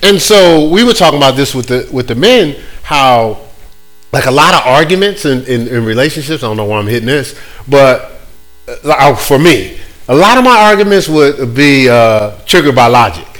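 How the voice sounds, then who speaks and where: A man's voice: medium pitch, very animated, moderate pace, fairly bright tone, poor audio. A man preaching a casual, playful sermon, acting out other people's voices.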